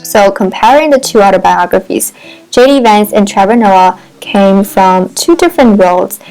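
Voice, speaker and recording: A woman talks through a book review in a reflective, wordy manner, with pauses and restarts between ideas. Her voice sits at an ordinary middle pitch. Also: expressive, darkish tone, low-quality recording. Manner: thoughtful, wordy, with fillers and restarts.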